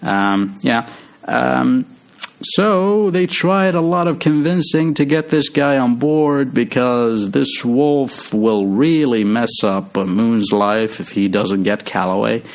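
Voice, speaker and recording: A man's voice: medium pitch, vocal fry. A man casually retelling a movie's story, rambling with lots of fillers and restarts. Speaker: movie recap host.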